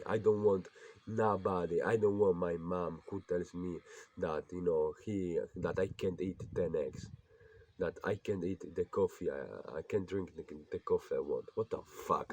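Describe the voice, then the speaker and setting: A man's voice: deep voice, darkish tone, slight background noise. A young man ranting to the camera at home in an old rural house, agitated, swearing often and repeating himself. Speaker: vlogger. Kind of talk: frustrated personal rant to camera.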